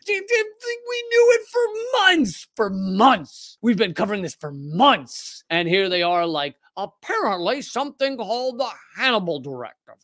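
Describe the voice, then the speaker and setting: A man's voice: high voice, a bit bright, dry recording, studio quality. A middle-aged man hosting a satirical news commentary show, talking in a sarcastic, indignant monologue and mocking people in put-on voices.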